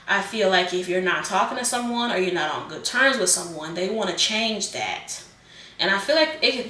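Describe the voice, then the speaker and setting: Bright chatty woman, echoey room. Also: lowish voice, recorded from a distance. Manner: chatty, rambling, repeats phrases and fillers. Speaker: tarot reader. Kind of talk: casual tarot reading.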